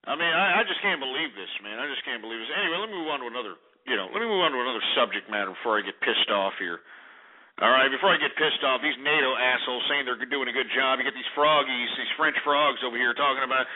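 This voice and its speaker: A man's voice: mid-range voice, quick pace. Angry profane male radio host. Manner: angry, profane, shouting insults. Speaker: radio talk show host. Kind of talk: call-in radio rant. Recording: tinny phone-like radio broadcast.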